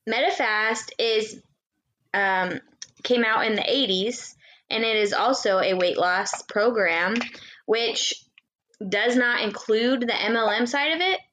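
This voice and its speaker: A woman co-hosting a podcast, explaining things in casual chat with many ums and pauses. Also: on the high side, a bit bright, a little hiss or hum. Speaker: podcast co-host.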